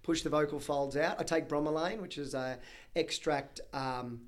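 Chatty Australian man, fairly high voice. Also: moderate pace. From Brisbane, Australia. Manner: energetic, chatty storyteller. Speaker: auctioneer guest. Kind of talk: podcast interview.

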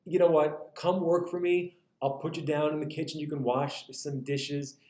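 A man's voice: fairly high pitch, fairly even intonation, moderate pace, darkish tone, natural voice. A man voicing a generous male king who talks in a casual, offhand way. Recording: roomy echo.

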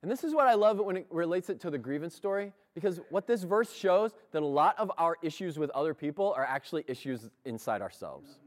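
Animated, lively male church preacher. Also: fairly high pitch. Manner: animated, conversational, laughs often. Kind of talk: sermon.

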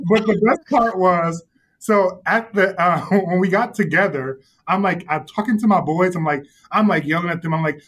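Male podcast guest, slightly high voice, animated storyteller with frequent laughs. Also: normal speed, a little hiss or hum. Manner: animated storyteller, laughs often, many fillers. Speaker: youth ministry leader, podcast guest. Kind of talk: casual podcast chat, storytelling.

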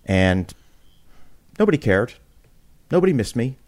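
A man appearing as a podcast guest tells a story casually and with animation, speaking a little slowly. He often restarts and repeats words, and he acts out quotes with big leaps in pitch.

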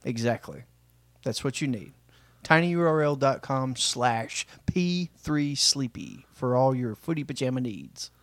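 A young man co-hosting a comedy podcast, delivering crude lines in a deadpan way during ad-read takes. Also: medium pitch, measured pace, no room sound. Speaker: podcast co-host. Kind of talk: ad-read outtakes, casual banter.

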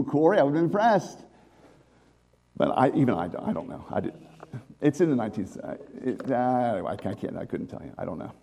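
Male pastor, conversational sermon, mellow tone, lively pitch that rises and falls. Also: breathy edge. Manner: conversational, lively preaching with restarts and asides.

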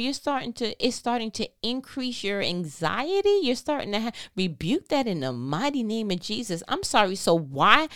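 Animated, smooth-voiced woman podcast host. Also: a little high. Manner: animated, preachy and playful, slangy. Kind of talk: faith-based conversational podcast talk.

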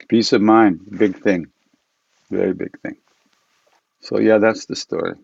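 A man who leads chanting, telling stories in a relaxed, rambling way with frequent laughs, from his home for an online event. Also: on the low side, a little slow, gravelly, long pauses, husky, no room sound, dull audio. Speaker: chant leader. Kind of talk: casual storytelling to an online audience. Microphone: computer mic for an online event.

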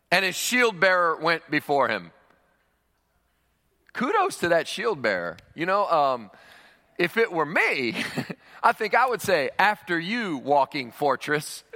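A man preaching a sermon, animated, with jokey asides and rhetorical questions to the congregation. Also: medium pitch. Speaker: pastor. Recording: long hall reverb.

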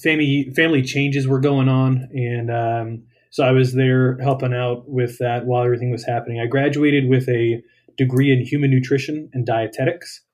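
A young man talks easily as a guest on an interview show, his voice sitting in an ordinary middle pitch. He tells his anecdotes in a loose, relaxed way and laughs along with them. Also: moderate pace. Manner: relaxed storyteller, laughs while telling anecdotes. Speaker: guest, dietitian. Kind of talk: casual interview chat.

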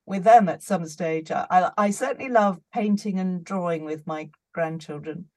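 An older woman with a fairly low voice hosts a relaxed interview. She encourages and affirms her guest as he talks. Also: moderate pace. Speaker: interview host. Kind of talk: casual interview.

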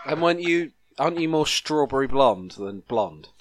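A man, a comedian guest on a podcast, teasing the hosts with quick jokes. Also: medium pitch, very animated, a little hiss or hum. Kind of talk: casual comedy chat.

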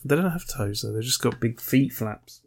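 A man, co-hosting a casual podcast chat and dropping deadpan jokes. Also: mid-range voice, moderate pace, gravelly, slightly rough. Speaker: podcast co-host.

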